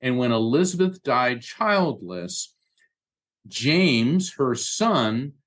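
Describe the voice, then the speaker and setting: A man talking in a relaxed interview, telling stories and explaining history with lively asides. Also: mid-range voice, very slow. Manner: animated storyteller, acts out voices in quotes. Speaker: guest, medium and lecturer. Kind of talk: casual conversation.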